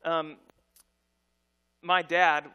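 A man's voice: fairly high pitch, extremely slow, clean tone, dull audio. A middle-aged man preaching a conversational, story-driven sermon, acting out the people in his stories. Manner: conversational, animated storytelling with voiced quotes. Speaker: pastor.

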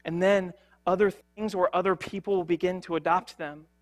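Earnest young male preacher, high voice. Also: fairly even intonation, moderate pace, faint music behind. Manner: earnest, conversational, with frequent fillers and restarts. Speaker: pastor. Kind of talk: sermon.

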